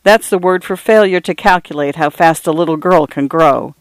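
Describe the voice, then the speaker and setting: A man's voice: a little high, normal speed, no room sound, lightly acted. A male narrator voicing a divorced father who teases his young daughters tenderly and playfully. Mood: teasing, tender.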